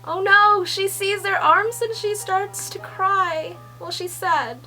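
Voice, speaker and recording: Young woman, slow and bright-voiced, excitable casual reader; faint music under her voice. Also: extremely high pitch, low-quality recording. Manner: excitable, swearing, laughing, swinging between hushed reading and squeals. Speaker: manga reaction reader. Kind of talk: casual read-along reaction.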